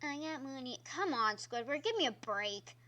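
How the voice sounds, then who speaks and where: A woman's voice: high voice, lively intonation, moderate pace, sharp tone. A woman streamer giving casual gameplay commentary, chatty and exclaiming at the game while talking to her viewers. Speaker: gaming streamer. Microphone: own microphone.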